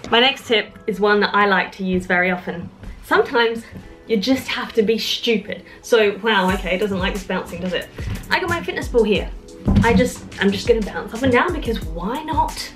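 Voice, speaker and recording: A woman's voice: medium pitch, animated, moderate pace, a bit bright, soft background music. Frank rambling young woman vlogger. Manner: rambling, frank, self-mocking. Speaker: vlogger and childminder. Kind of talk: candid talk to camera. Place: home, moving between rooms.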